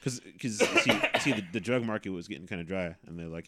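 A man co-hosting a podcast, talking quickly in joking banter and tripping over his words. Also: on the low side, heavy background noise. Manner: rapid, stammering, joking. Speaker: podcast co-host. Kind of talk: casual banter.

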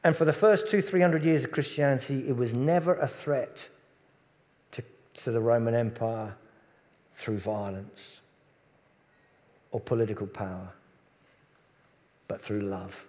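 A man delivers a conversational sermon at a middle pitch. He often sinks to soft, hushed tones on tender points. His voice rings with the long reverb of a church hall. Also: unhurried, long pauses. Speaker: preacher.

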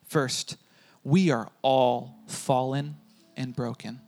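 A male pastor preaching a sermon, emphatic, repeating key phrases and swinging between loud and soft. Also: medium pitch, steady tone, takes it slowly. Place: church hall with a congregation.

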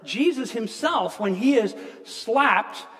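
A man's voice: extremely high pitch, expressive, slow pace, a bit bright. A male pastor preaching a sermon in a church, earnest and conversational, with self-deprecating asides. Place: church sanctuary. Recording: long church reverb.

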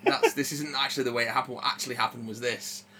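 A man on a podcast talks in a bright, forceful voice, rambling through recommendations with plenty of fillers and restarts. His delivery is loose and conversational. A faint hum sits under the recording. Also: mid-range voice, fairly even intonation, fast talker. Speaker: podcast co-host. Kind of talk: casual chat.

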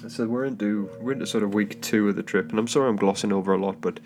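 Guy, lowish voice, rambling podcast chat full of ums, guitar music under him. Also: quick pace. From England. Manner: hesitant, with many fillers and restarts, chuckling asides. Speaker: solo podcast host. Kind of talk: rambling casual storytelling monologue. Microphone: home microphone. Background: soft guitar background music.

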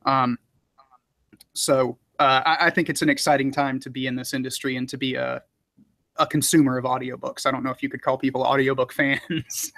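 A man's voice: medium pitch, fairly quick, gravelly, dry recording. Male narrator, mid-range voice, easygoing and rambling, dry close-miked sound. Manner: relaxed, rambling, frequent fillers and laughs. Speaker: audiobook narrator. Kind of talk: casual interview talk.

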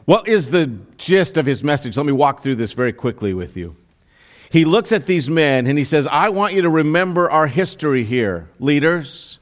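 Preaching at a moderate pace, this pastor has an expressive, mid-range voice. He reads passages of scripture and unpacks them, occasionally building in intensity and asking the congregation pointed questions.

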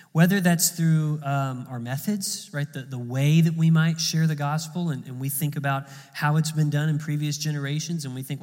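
A man's voice: fairly high pitch, a little mellow, big-room sound. A man preaching a sermon in a conversational way, often repeating words as he goes. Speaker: pastor.

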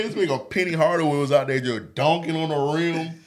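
A young man co-hosting a podcast, telling a childhood story in casual slangy talk, often laughing and getting animated. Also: on the high side, fairly quick. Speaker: podcast co-host.

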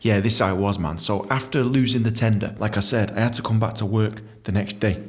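A man's voice: lowish voice, a little fast. Sweary English man reading his memoir. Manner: sweary, joking, animated. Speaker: author reading his book. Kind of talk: memoir reading with crude asides.

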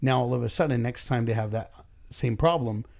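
Gravelly and darkish, his mid-range voice moves fairly quickly as this business owner and boss talks on a podcast. He keeps it casual and blunt, swearing freely and acting out bits of dialogue.

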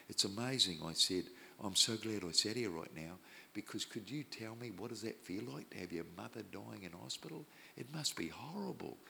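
A man preaching, telling a personal story in an animated way and acting out the people he quotes. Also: sits low, creaky, slight background noise. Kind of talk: storytelling sermon.

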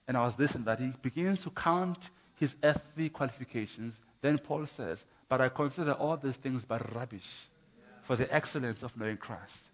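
A man preaching his testimony in a church, emphatic, with rhythmic contrasts and stammering repeats. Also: medium pitch. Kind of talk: sermon.

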